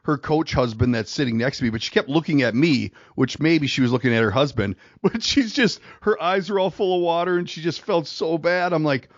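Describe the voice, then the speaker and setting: A man's voice: fairly high pitch, lively intonation, fairly quick, hardly any pauses, no echo, dull audio. A middle-aged man co-hosting a podcast, telling a long rambling story in casual chat and laughing through it. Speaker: podcast co-host.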